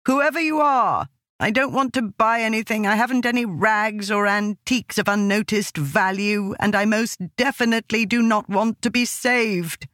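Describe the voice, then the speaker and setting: Woman doing grumpy hungover big woman, drawn-out moans, high and whiny, storybook. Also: a bit bright, no echo, clean studio sound, natural voice. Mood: peevish. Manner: moaning, drawn-out, peevish.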